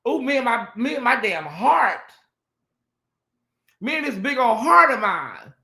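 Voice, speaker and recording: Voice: mid-range voice, sing-song, measured pace, pushed and bright, reverberant. A livestream host doing sassy, dramatic chat commentary and talking straight to the viewers.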